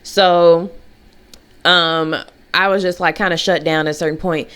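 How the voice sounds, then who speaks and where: A young woman talks straight to her camera in a loose, chatty vlog. She tells her story with plenty of energy and often jumps up into high, mocking voices to act out what people said. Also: fairly even intonation, unhurried, fairly bright tone, clear, resonant tone. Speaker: vlogger.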